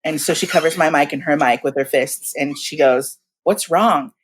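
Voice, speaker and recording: A woman in her forties telling stories in casual chat as a guest, animated and laughing often, acting out the voices of people she quotes. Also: low-pitched, moderate pace, breathy edge. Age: 40s. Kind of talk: casual storytelling.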